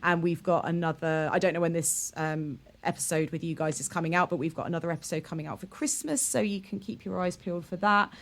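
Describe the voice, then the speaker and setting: A woman's voice: on the low side, quick pace, hardly any pauses. A woman guesting on a podcast, casual and self-deprecating with lots of ums.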